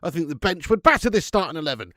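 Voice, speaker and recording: A man's voice: a little high, big pitch swings, fast talker, a bit bright, no echo, clean studio sound. A man hosting a live football watch-along, swearing and laughing as he bants with viewers in the chat.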